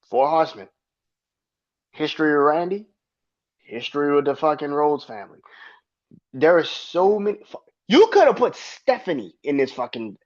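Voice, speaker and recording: Heated, animated man ranting on a podcast. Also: fairly high pitch. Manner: heated, profane, emphatic. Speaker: podcast host. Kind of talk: solo podcast rant. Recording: dull lo-fi sound.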